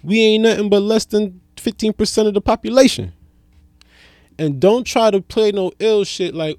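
A young adult man doing a stand-up comedy monologue. He is profane, loose and rambling, and jumps between loud outbursts and low mutters. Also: moderate pace, no room sound, studio quality.

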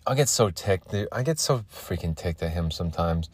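A man's voice: low-pitched, animated, normal speed, husky, dry recording. A man rambling crudely and irritably through a solo podcast monologue while hiccuping. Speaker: podcast host.

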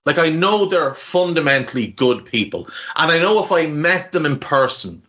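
A man's voice: on the high side, expressive, moderate pace, a bit bright, muffled recording. A man with a Navan accent from Ireland, hosting a casual podcast chat in a rambling, heartfelt way with casual swearing. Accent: Irish, Navan. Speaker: podcast host.

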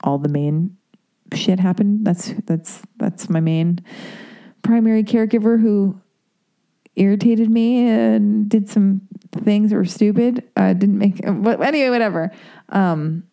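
A woman's voice: mid-range voice, measured pace, creaky, mellow. A woman telling a candid personal story in a rambling, confessional way, full of "like" and "you know". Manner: rambling, confessional, heavy use of "like".

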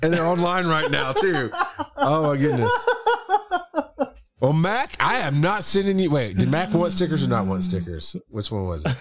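A man's voice: a little high, sing-song, moderate pace, a crowd in the background. A man co-hosting a casual podcast, reading listener comments with playful mock indignation. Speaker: podcast co-host.

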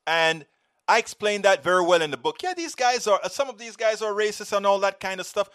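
A man's voice: high-pitched, lively intonation, fairly quick, fairly bright tone. A man speaking as an author in a heated discussion, making points emphatically, repeating himself and telling anecdotes. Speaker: author and guest. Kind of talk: impassioned discussion.

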